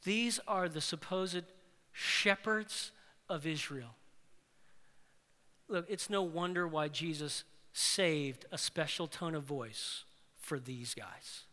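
Animated male pastor in a reverberant hall. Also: a little high, takes it slowly. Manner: animated, swings between loud and hushed. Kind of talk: sermon.

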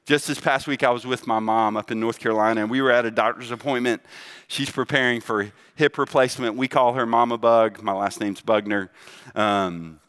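Middle-aged guy preaching, bright tense voice, keeps asking "right?". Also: mid-range voice, steady tone, a little fast, smooth. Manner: conversational preaching with rhetorical questions, often adding "right?". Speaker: pastor. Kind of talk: sermon.

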